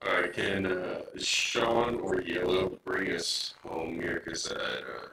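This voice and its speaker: A man speaking slowly in casual stream chat, drawing his words out. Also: low voice, sharp tone, roomy sound, distant mic, low-quality recording.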